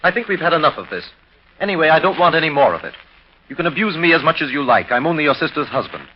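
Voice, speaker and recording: An actor playing a blunt, protective husband who speaks brusquely, in a 1930s radio drama. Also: male voice, on the high side, very animated, quick pace, slight background noise. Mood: stern. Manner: brusque and emphatic. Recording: dull lo-fi 1930s radio recording.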